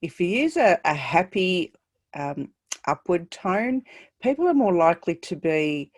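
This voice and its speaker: A woman's voice: on the low side, big pitch swings, measured pace, a little mellow, dry recording, clean studio sound. A woman hosting an interview on a video call, speaking thoughtfully and with some hesitation. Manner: thoughtful, hesitant, many fillers. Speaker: host. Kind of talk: casual interview chat.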